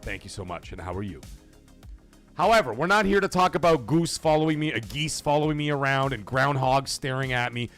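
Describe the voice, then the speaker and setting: A middle-aged man from Canada hosting a live gaming stream, telling stories in a rambling way, cursing freely and getting loud when he is excited. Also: mid-range voice, brisk, faint music behind. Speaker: livestream host. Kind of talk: casual live-stream chat.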